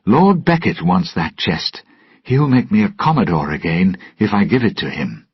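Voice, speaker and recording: A proud, stern naval officer speaks in clipped, forceful lines with a husky edge as a man puts him on. The voice sits higher than the narration. The recording is dull and lo-fi. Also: sing-song, normal speed, no echo, full character voice.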